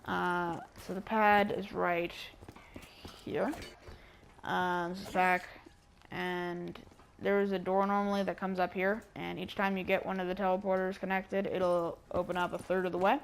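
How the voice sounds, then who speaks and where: A woman giving a casual, rambling game walkthrough while she plays, even and unhurried, correcting herself with many fillers. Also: lowish voice, creaky, slight background noise. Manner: even and unhurried, near monotone. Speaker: gameplay guide narrator.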